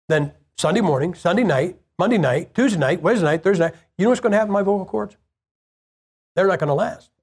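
An older man preaches in an easy, talking-to-you way, and his damaged vocal cords give a breathy edge as each sentence runs out of air. He stumbles and restarts often but keeps a plain, direct manner with his listeners. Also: high voice, a little mellow. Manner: conversational and plain-spoken, with repeated restarts. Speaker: evangelist preacher. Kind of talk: informal sermon to a group.

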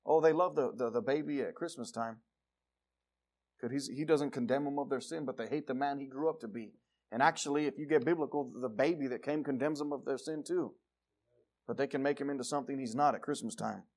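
A male preacher giving a sermon, reading scripture and moving from loud declarations to quiet asides. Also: mid-range voice, a little fast. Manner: reads scripture aloud in King James wording.

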